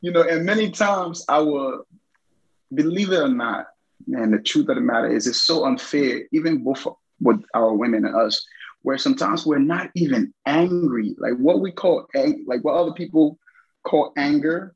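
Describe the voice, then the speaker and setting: A man's voice: on the high side, normal speed, husky, dull audio. Passionate man in casual faith talk. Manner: passionate, projecting, many fillers. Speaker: podcast co-host.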